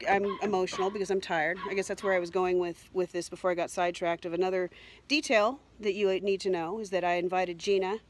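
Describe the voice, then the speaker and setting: Middle-aged woman, personal vlog, emotional and rambling, halting delivery with fillers. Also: lowish voice, fairly even intonation, slight background noise. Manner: rambling, upset, frequent fillers and repeats. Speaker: vlogger.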